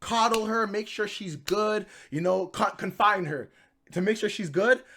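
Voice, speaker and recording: Man, bright high voice, slangy reaction commentary. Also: unhurried. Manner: slangy, says "bruh" often. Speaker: streamer reacting to clips.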